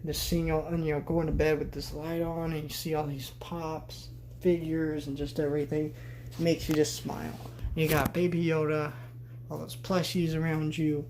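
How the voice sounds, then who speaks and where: A man's voice: fairly high pitch, level tone, moderate pace, a little mellow, a little hiss or hum. A man vlogging a casual tour of his bedroom on a handheld camera, rambling with sarcastic asides. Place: bedroom, indoors.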